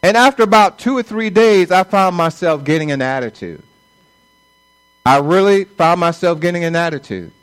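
Middle-aged male pastor, high-pitched, conversational sermon delivery. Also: lively intonation, moderate pace, a bit bright, clear, resonant tone, low-quality recording. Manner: conversational preaching, acts out quoted voices.

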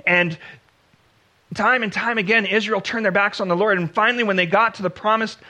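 A male pastor delivers a sermon with a high, bright, forceful voice. He speaks earnestly, drawing out key phrases and dropping to a hush before lifting again for emphasis. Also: steady tone. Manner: earnest preaching, slows for emphasis, acts out biblical dialogue.

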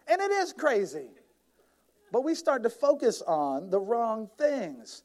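A man in his thirties preaching a sermon as a pastor, animated, acting out whiny complaining voices with big jumps up in pitch. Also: a little slow.

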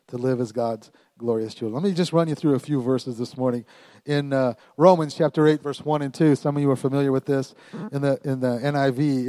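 A man preaching a lively sermon, calling out to his congregation and swinging from quiet asides to loud emphatic lines. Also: on the high side, no room sound. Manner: animated, call-and-response with congregation. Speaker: pastor. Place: church.

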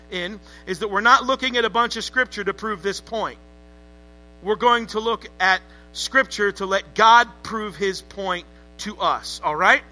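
A man's voice: high-pitched, pushed and bright, rough recording. A man preaching a sermon to a congregation, emphatic and calling on them to answer back. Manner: emphatic, calls for congregation responses. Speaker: pastor.

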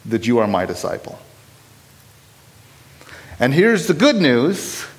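A man's voice: fairly high pitch, rough recording. A man preaching a sermon, blunt and impassioned, pressing his points with rising urgency.

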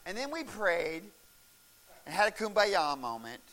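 A middle-aged man preaches a sermon in a high voice that swings up and down, rising into shouts and laughs at the high points of his stories. His tone is bright and sharp. A faint hiss sits under the recording. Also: sing-song, measured pace. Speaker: pastor. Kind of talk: sermon storytelling.

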